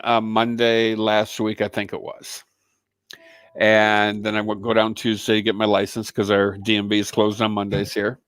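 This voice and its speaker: A man chatting casually on a show, telling a lively story with swearing and acted-out quotes. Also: clean tone, dry recording. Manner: animated, swearing, acts out quotes in a high voice. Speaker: co-host, guest telling a story.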